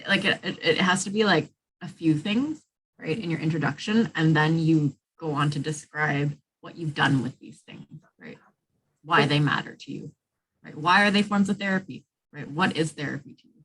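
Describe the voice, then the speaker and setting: A woman's voice: sits low, moderate pace, fairly bright tone, breathy edge, low-quality recording. A woman coaching a student on an admissions essay over a video call, guiding her with a stream of checking questions.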